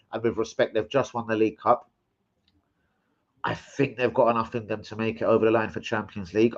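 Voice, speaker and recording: A man hosting a casual live stream, swearing freely, rambling and giving loud shout-outs to chat. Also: on the low side. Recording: slightly muffled stream audio.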